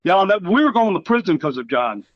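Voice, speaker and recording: Very animated and quick, a high-pitched middle-aged man who used to wrestle spins rambling, foul-mouthed tales in a casual interview, imitating what others said. The recording is dry and a little dull.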